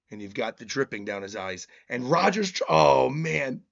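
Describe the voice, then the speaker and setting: A man doing a live reaction stream, reading a comic aloud and breaking into loud, hyped exclamations. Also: mid-range voice, very animated, moderate pace, gravelly, lo-fi sound. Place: in Japan.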